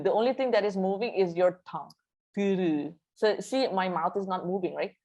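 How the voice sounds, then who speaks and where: A woman leads a live online language lesson. She models each phrase slowly and repeats it for her students to echo. She slips between languages mid-sentence, speaking at an ordinary mid-range pitch. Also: animated, darkish tone, muffled recording. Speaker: language teacher.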